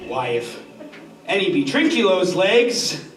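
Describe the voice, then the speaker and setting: Dude acting a sloshed boastful butler, high voice, slow, far off in an echoey theater. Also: male voice, sing-song, fairly bright tone, heavily acted. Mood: tipsy. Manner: boisterous, tipsy, blustering. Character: drunken swaggering male butler, adult. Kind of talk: live stage acting. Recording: echoey, distant stage mic with music.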